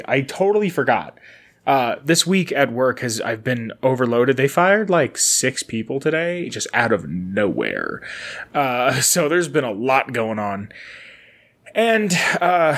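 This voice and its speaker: A man's voice: medium pitch, fairly bright tone. A man hosting a casual solo podcast, rambling and correcting himself as he talks. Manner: rambling, chatty, self-correcting, laughs easily. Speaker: podcast host. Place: indoors in a building he recently moved into. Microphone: camera and microphone setup.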